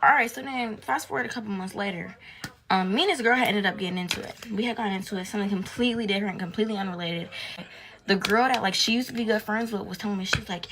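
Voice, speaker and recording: A young woman spins a storytime tale in loose, slangy, profane talk, with a gravelly fry on her voice. She retells it with drama. A steady noise hums under the recording. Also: medium pitch, fast talker. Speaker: storytime vlogger. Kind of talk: casual storytime.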